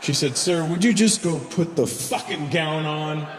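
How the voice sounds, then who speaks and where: A man's voice: on the high side, measured pace, very noisy. A man doing a stand-up comedy set, telling a crude story and acting out both sides of the dialogue. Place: large live venue with laughing audience. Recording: roomy echoing hall, faint ambience.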